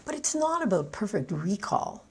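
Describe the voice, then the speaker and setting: A woman with a Canadian accent coaching English pronunciation, speaking slowly and deliberately, with light laughs and words repeated to model their stress. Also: medium pitch, big pitch swings, vocal fry, darkish tone, breathy edge. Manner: light laughs between points. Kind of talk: scripted teaching monologue.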